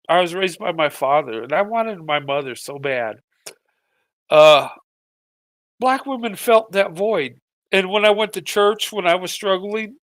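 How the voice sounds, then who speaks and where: A middle-aged man giving a halting, emotional personal monologue to his viewers, tearful and often repeating his words as his voice breaks. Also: high-pitched, a bit bright, dry recording. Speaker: vlogger.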